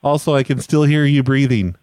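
A man hosting a prank call show, calm, dry and mocking as he teases an angry caller. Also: medium pitch, a little fast, no room sound.

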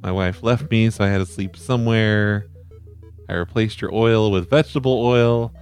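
A man hosting a prank call show, calm, dry and mocking as he teases an angry caller. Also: fairly low pitch, normal speed, faint music behind.

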